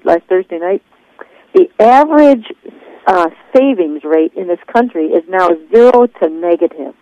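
A woman's voice: on the low side, warm tone, no echo. Woman firing rhetorical questions on a call. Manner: fires off strings of rhetorical questions. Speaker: network marketing team leader. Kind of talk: coaching conference call. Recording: dull, dry phone-line conference call.

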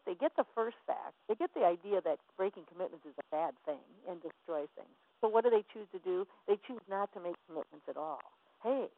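A woman's voice: mid-range voice, lively intonation, quick pace, no echo. A woman business coach giving a passionate, emphatic motivational teaching talk. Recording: tinny phone line.

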